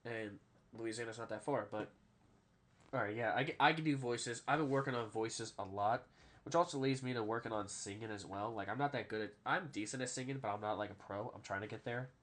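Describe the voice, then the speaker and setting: Bright-voiced rambling podcast host. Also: male voice, medium pitch, brisk. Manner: rambling storyteller, keeps adding "all right?", swears freely. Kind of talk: casual sports podcast chat.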